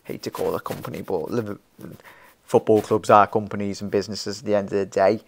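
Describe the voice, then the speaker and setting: A man's voice: on the low side, steady tone, fast talker, creaky, a little hiss or hum. Rambling young male fan streamer. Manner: rambling, laughs often, many restarts, calls viewers fella and mate. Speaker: fan channel host. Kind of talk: casual live-stream chat reading viewer comments.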